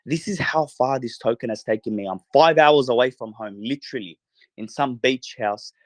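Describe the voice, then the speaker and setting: A man's voice: mid-range voice, normal speed, dry recording. A man hosting a podcast late at night from a bedroom in a holiday house, giving a fervent, profane, rallying monologue to his listeners. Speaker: podcast host.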